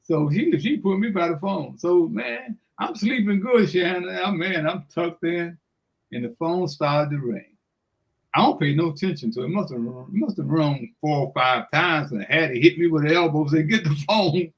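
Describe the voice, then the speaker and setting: Older man telling a lively story. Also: on the high side, normal speed, vocal fry, low-quality recording. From Washington DC area. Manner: lively storyteller who acts out voices, laughs often, says "man" a lot. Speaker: guest storyteller. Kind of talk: animated anecdote on radio.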